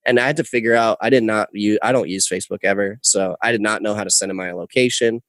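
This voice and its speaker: A young man, a podcast guest, telling a rambling story with animated, casual swearing. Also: lowish voice, quick pace, hardly any pauses, dry recording. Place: podcast studio. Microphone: close podcast mic.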